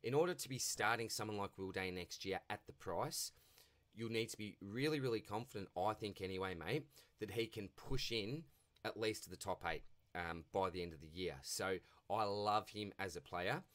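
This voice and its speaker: A man's voice: fairly low pitch, normal speed, a bit bright. A man with an Australian accent hosting a casual viewer Q&A, chatty and matey as he answers questions. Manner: chatty and matey, often says mate. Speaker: fantasy football channel host.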